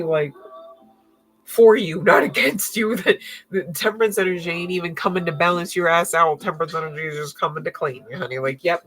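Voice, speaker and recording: Blunt, low-voiced woman reading tarot. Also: a bit bright, low-quality recording. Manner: blunt, profane, slangy, laughs often. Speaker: tarot card reader.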